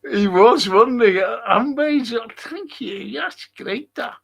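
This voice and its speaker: Middle-aged Liverpool man, high gravelly voice, chatty and opinionated stream host reading out viewer comments. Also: slow, fairly bright tone. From England. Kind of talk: casual live-stream chat.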